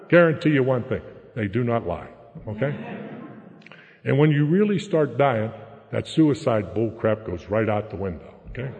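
A man's voice: mid-range voice, sing-song, fairly quick, darkish tone. Blunt older man in an echoey hall. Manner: blunt, plain-spoken, tags lines with "okay?". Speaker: recovery meeting speaker. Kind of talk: personal recovery testimony. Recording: echoey hall, dull lo-fi sound.

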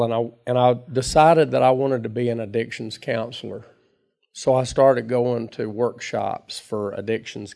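Guy, gravelly voice, folksy storytelling at a meeting, chuckles at himself. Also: medium pitch, mellow. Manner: folksy, chatty, laughs at his own story. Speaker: recovery meeting speaker. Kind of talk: personal storytelling talk.

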